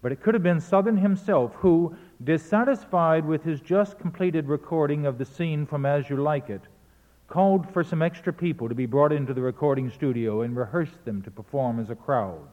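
A man's voice: on the high side, moderate pace, big-room sound, highs cut off. A man giving a spoken lecture in a precise, pedantic manner, often correcting himself mid-sentence. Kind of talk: spoken lecture on recordings and verse.

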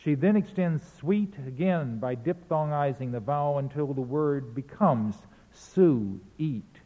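A man lecturing on verse, explaining rhythm and chanting the beats aloud to demonstrate. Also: mid-range voice. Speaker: literature lecturer. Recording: tinny phone-like sound in a reverberant hall.

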